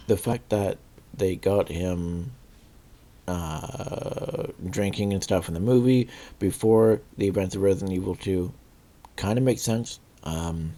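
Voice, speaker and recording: Male reviewer, deep mellow voice, loose rambling delivery full of ums, frequent coughs. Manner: rambling, many fillers and restarts; clears throat and coughs often. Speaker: movie reviewer. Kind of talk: casual spoken review.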